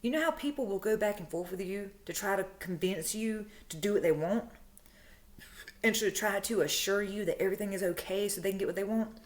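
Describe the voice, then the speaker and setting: A woman casually telling a personal story, chatty, animated and frank, often laughing. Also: mid-range voice, a little fast. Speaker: true crime storyteller, channel host.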